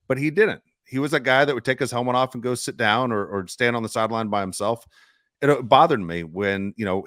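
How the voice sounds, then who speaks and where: A man's voice: mid-range voice, fast talker, fairly bright tone, dry recording, clean studio sound. A man co-hosting a sports podcast, giving his opinions emphatically and talking straight to his listeners. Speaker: podcast co-host. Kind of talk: casual sports talk.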